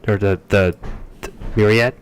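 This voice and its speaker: A man's voice: lowish voice, measured pace, close to an everyday voice. A man voicing an irritable, busy male city official who talks curtly and repeats himself impatiently. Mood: shouting. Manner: impatient, curt, stammering repeats.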